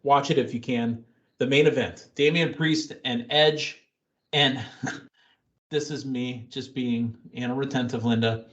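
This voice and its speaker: Man, podcast host, excitable, joking, storytelling, medium pitch, muffled lo-fi audio. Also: measured pace. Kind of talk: casual wrestling chat. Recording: dull lo-fi sound.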